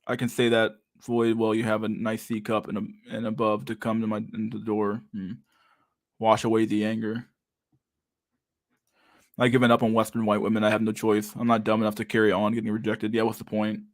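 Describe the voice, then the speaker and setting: A man in his thirties hosting a loose live stream and reading viewer chat aloud. His voice sits low and barely moves in pitch as he swears his way through comments, throwing in "dude" constantly. The sound is dry and close, with almost no room around it. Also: monotone, fairly quick, no echo. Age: 30s. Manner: casual, profane, says "dude" a lot, reads comments aloud.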